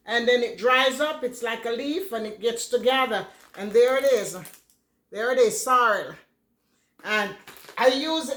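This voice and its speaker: A cooking vlogger chats through a home cooking video, repeating herself and thanking her viewers. Her voice sits high and a bit bright, picked up off-mic from a distance in an echoey room.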